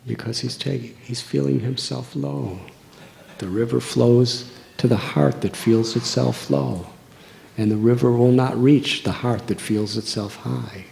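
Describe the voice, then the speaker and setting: A man's voice: medium pitch, fairly even intonation, creaky, darkish tone, a little hiss or hum. A man, giving a sermon as a monk in an earnest, storytelling way. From United States. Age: 60s. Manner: slow, earnest storytelling with long pauses. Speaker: monk giving a religious discourse.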